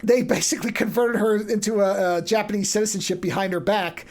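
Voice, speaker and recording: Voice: medium pitch, fairly quick, a little mellow. A podcast host in casual chat, animatedly retelling a story and briefly acting out the characters' lines. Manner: loose and chatty, frequent restarts.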